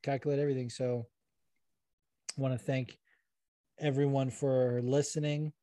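A man's voice: medium pitch, level tone, normal speed, warm tone, no echo. A young man hosting a podcast in casual chat, rambling and self-deprecating, swearing now and then. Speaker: podcast host.

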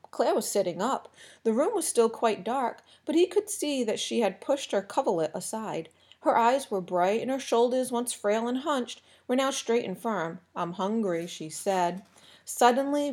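A woman reading a novel aloud for a podcast, with steady, expressive storytelling narration. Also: mid-range voice. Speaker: audiobook podcast reader.

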